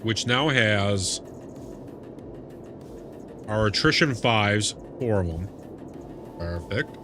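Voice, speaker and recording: A man live streaming a game, chatting casually and reacting excitably, laughing and swearing as he goes. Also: lowish voice, very slow, over music. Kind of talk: casual chat while gaming.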